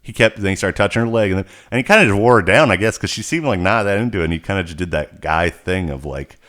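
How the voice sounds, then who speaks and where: Low-voiced man telling a rambling story. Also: fast talker. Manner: animated, rambling storyteller with many asides. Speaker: podcast co-host. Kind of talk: casual chat.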